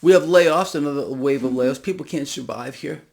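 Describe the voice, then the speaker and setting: An American finance commentator delivers impassioned solo market commentary in a gravelly voice, ranting emphatically and sarcastically until he nearly shouts. His pitch is medium and his speed normal.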